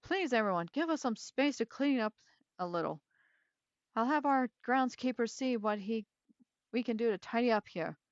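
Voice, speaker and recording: Placating hotelier woman, as a woman reads her, pitched up, smooth and pleading. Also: lively intonation, normal speed, dry recording, highs cut off. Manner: pleading, soothing.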